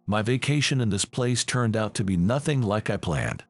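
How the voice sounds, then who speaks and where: A man's voice: lowish voice, animated, moderate pace, dry recording, soft background music. A man voicing a frightened, shy young woman who refuses coldly. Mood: wary. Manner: timid, cold refusals.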